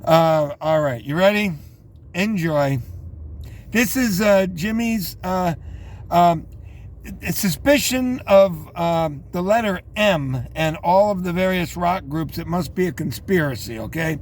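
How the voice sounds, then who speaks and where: A man's voice: sits high, slow. A man in his fifties hosting a casual commentary, rambling with many fillers and restarts. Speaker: host.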